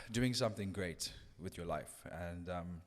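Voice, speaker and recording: An earnest man recounts a story at a thoughtful pace. His voice sits low, and the room leaves a long reverb trail behind each phrase. He restarts his sentences often as he reflects. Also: unhurried. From South Africa. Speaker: radio DJ guest. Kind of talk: casual podcast conversation.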